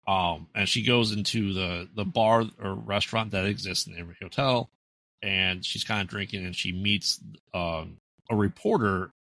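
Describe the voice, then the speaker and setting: A man's voice: sits low, normal speed, pushed and bright, dry recording. An American man co-hosting a podcast, casually recapping a horror movie plot with lots of fillers and restarts. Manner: rambling, many fillers and restarts. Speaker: podcast co-host.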